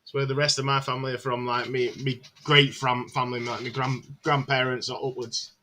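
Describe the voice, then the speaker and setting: A man's voice: mid-range voice, flat delivery, brisk, bright, forceful tone, slight background noise. A man hosting a live match watchalong stream, chatting casually, calling the play and answering viewer comments with frequent filler words.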